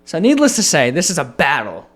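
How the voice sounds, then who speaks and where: Animated, swearing male podcast host. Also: a little high, a little fast, faint music behind. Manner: animated, profane storytelling. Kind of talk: casual chat.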